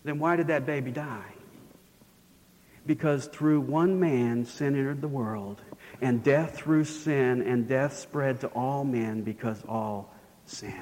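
A man's voice: mid-range voice, takes it slowly, a little mellow, long reverb tail. A man preaching a sermon in a storytelling manner, his voice rising and falling for emphasis. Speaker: pastor.

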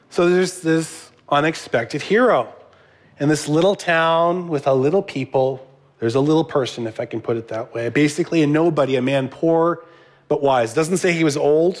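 A man's voice: on the high side, normal speed. A middle-aged man giving a sermon as a pastor, conversational, with asides to the congregation.

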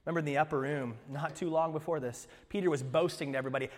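A male pastor delivering a sermon, telling stories animatedly and swinging from hushed to loud. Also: on the high side, steady tone, racing, long reverb tail.

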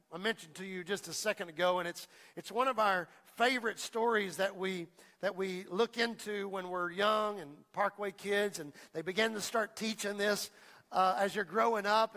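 A male preacher delivering a fervent sermon, repeating phrases and building toward shouts. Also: high voice. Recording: long reverb of a large hall.

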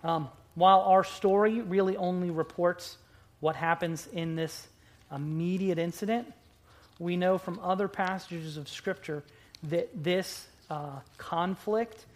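Emphatic preacher delivering a sermon. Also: mid-range voice. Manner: emphatic, with drawn-out words and sudden loud bursts; playful asides to the congregation. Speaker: pastor.

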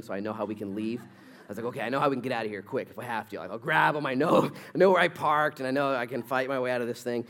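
A man delivers a church sermon from the pulpit. He tells stories with energy, rising to loud bursts and dropping low and quiet to make his points. His voice sits at an ordinary middle pitch. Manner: lively storytelling, swings from loud to quiet. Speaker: pastor.

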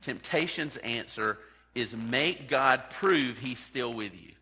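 A man's voice: mid-range voice, expressive, slow pace, pushed and bright, husky. A man preaching a sermon as a pastor, talking in a conversational way and putting direct questions to his congregation. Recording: long hall reverb.

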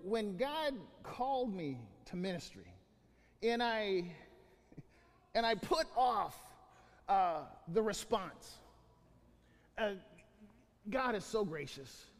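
High-voiced male pastor preaching in a hall. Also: takes it slowly, long pauses. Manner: animated storytelling with many restarts. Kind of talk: sermon.

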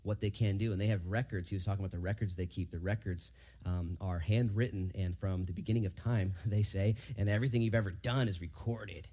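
A man, a pastor, giving a casual verse-by-verse sermon in a church hall. He questions the room and moves from loud emphasis to quiet asides. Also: fairly even intonation, a little fast. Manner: conversational, asks the room questions, rises loud for emphasis and drops low for asides.

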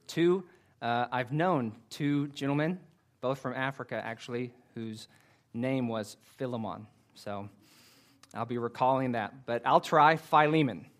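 A man preaching a sermon to his congregation, earnest and careful, with frequent fillers. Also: mid-range voice. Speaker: pastor.

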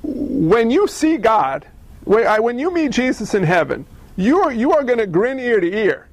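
A man preaching a sermon, telling stories in a conversational, animated way and asking the audience questions. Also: very high-pitched, moderate pace, no room sound. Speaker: pastor.

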